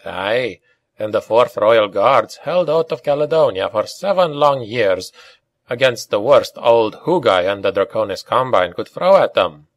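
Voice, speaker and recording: A man voicing a big, earnest Scottish male officer with a deep, gruff voice in an audiobook reading. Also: no room sound, natural voice. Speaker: mercenary major.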